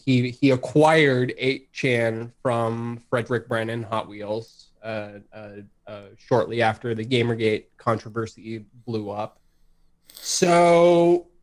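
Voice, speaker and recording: A man guesting on a live talk stream, speaking bluntly and profanely in a rambling casual way. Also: a little high. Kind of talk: casual livestream chat.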